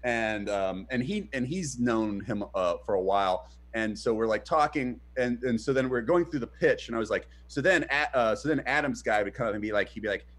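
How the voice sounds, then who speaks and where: Speaking fairly quickly with few pauses, this medium-pitched co-host of a casual streamed chat rambles on, hesitant and full of fillers. His retellings are animated, with the stories acted out.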